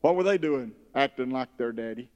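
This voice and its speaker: A man preaching a sermon, reading scripture and breaking into loud emphatic bursts. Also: mid-range voice, expressive, fairly quick, highs cut off. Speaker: pastor. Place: church sanctuary. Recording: long hall reverb.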